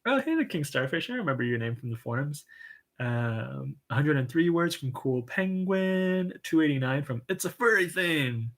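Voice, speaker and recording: A man hosting a casual livestream, reading viewer comments with an upbeat, encouraging manner, lots of "um" and soft laughs. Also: on the high side, lively intonation, moderate pace. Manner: chatty and enthusiastic, frequent "um" and soft laughs; says "y'all", upbeat and encouraging. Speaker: livestream write-in host.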